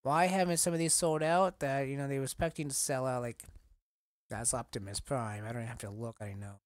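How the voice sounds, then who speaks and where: Man, casual collector vlog, halting and emotional, lots of fillers, dry close mic. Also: medium pitch, fairly even intonation, no echo. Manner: halting, emotional, choked up at times; rambling commentary with many fillers. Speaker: collector vlogger.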